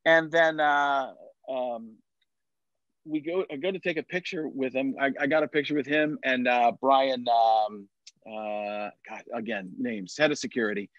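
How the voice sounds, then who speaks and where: A man's voice: medium pitch, fairly even intonation, measured pace, fairly bright tone, no room sound. A middle-aged man telling a long story in casual chat, with many restarts and fillers. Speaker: podcast guest. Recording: dull, lo-fi sound.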